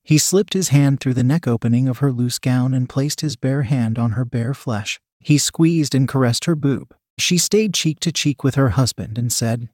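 A man reads a story aloud in a steady, even manner. His voice sits in the middle of the male range, and the dry, close recording has almost no room sound. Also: medium pitch, moderate pace, few pauses, dry recording. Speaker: narrator. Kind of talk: scripted story narration.

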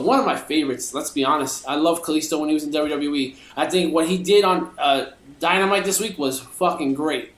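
A podcast co-host with a slightly high, fairly bright voice launches into a heated, fired-up opinion rant full of profanity. The recording is reverberant.

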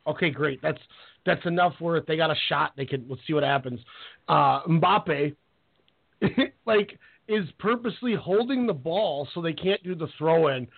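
Animated sports radio host, tinny line. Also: male voice, on the high side, moderate pace, vocal fry. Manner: animated storyteller, acts out players with quoted voices. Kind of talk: casual sports radio chat. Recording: tinny phone-line sound.

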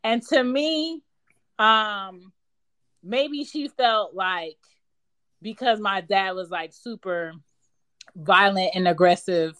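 A woman's voice: mid-range voice, slow pace, long pauses, a bit bright, no room sound. Blunt, candid woman in casual chat. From Philadelphia. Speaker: mother of daughters.

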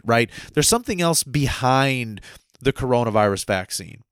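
A man's voice: mid-range voice, a bit bright, dry recording, clean studio sound. A man from the United States delivering a heated, ranting monologue, often tagging his points with "right?" and tripping over repeated words. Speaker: commentator.

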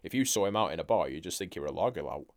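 Low-voiced bloke recapping wrestling on a podcast, laid back, swears a lot. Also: male voice, lively intonation, very fast. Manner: laid-back, swears casually, chuckles often. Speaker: podcast co-host. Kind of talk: casual wrestling watch-along chat.

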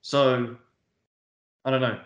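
A man rambles through a casual film review, swearing freely and padding every thought with fillers. His voice sits at an ordinary middle pitch. The room around him is echoey. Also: little pitch movement, takes it slowly. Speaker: podcast co-host.

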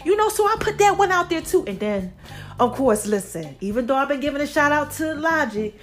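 Woman podcast host, high voice, winded, slangy chatty solo talk, soft music underneath. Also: very animated, a little fast. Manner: chatty, slangy, calls listeners y'all and child. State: out of breath. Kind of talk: casual monologue to listeners.

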